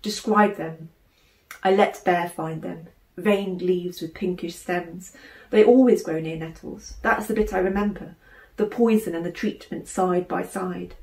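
A woman, an author, reading her children's novel aloud in measured, expressive narration. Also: lowish voice. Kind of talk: audiobook narration. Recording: roomy room echo.

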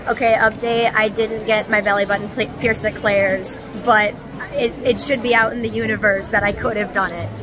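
A woman's voice: mid-range voice, steady tone, moderate pace, crowd noise, noisy background. A young woman under twenty-one chatting casually to her phone camera, giggly and rambling with lots of "like". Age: young adult, under 21. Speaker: vlogger. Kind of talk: casual vlog chat to camera. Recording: music playing under the voice.

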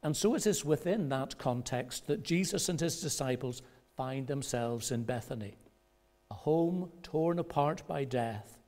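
A male pastor preaching a sermon in a measured way, pausing for effect and rising in pitch when he quotes others. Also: expressive. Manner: measured preaching with dramatic pauses; rises in pitch and loudness when quoting voices. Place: church.

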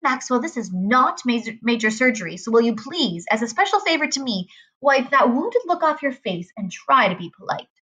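A woman's voice: on the high side, sing-song, moderate pace, a bit bright, husky, exaggerated voice. A woman reading aloud, voicing a prim, fussy older grandmother in a storybook.

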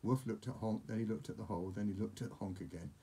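A man's voice: fairly low pitch, quick pace, mellow, slight background noise. A man reading a picture book aloud to a child, with playful, chatty asides.

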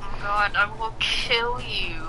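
A woman playing a game with a friend, quick to protest and exasperated at being teased. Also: mid-range voice, crowd noise, low-quality recording. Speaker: co-player. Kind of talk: casual gameplay chat.

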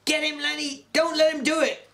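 A man voicing a protective male ranch worker who yells orders to his friend. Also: extremely high pitch, slow, voice pushed up. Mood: urgent yelling. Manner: yelling urgently.

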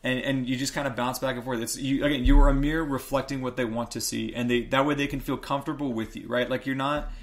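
A man's voice: medium pitch, fairly even intonation, quick pace, few pauses. Joking man full of likes and rights. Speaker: podcast co-host. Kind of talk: casual podcast chat.

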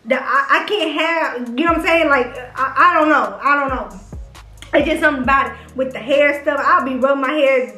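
A young woman, high and bright, gushes in a casual vlog chat, swearing freely and teasing her viewers. Her voice rings around an echoey room with faint music underneath. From Houston, Texas. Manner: gushing and profane, teasing the viewers. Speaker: vlogger. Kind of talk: casual chat, smash-or-pass reactions.

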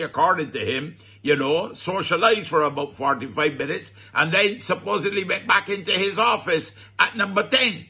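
Bajan guy doing comic gossip commentary, laughs a lot, high husky voice. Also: sharp tone. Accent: Barbadian. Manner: chuckling, mock-scandalized, drawn-out "well, well, well". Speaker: radio comedy commentator.

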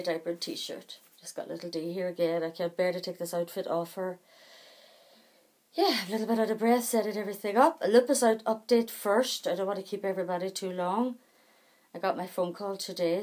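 A woman's voice: mid-range voice, a little mellow. A middle-aged woman, chatting to camera in a rambling, self-deprecating way. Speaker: vlogger. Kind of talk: casual chat to camera.

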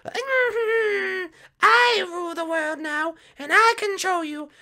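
A man's voice: extremely high pitch, slow, vocal fry, pushed and bright, pitched above the performer's own voice, exaggerated voice. A man voicing a smug, bossy male butter creature in a lazy, lordly drawl for a game roleplay.

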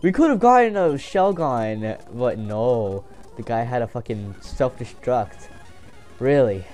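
A young man giving casual, excitable commentary while playing a game, swearing and joking to himself. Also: mid-range voice, slow pace, faint music behind. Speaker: gameplay commentator.

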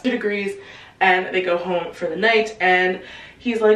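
A woman giving a casual, slangy recap of a novel, acting out the characters' lines in quick bursts. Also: mid-range voice, a bit bright, recorded from a distance. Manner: chatty, slangy, acts out quotes in quick bursts. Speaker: book explainer. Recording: roomy echo, a bit off-mic.

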